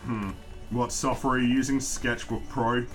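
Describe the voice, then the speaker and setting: A man's voice: medium pitch, flat delivery, moderate pace, fairly bright tone. An Australian man with an ordinary mid-range voice talks loosely through a drawing stream and answers chat as questions come in. He drifts off topic, makes fun of himself and laughs often. Faint music plays in the background. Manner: rambling and self-deprecating, laughs often. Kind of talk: casual livestream chat.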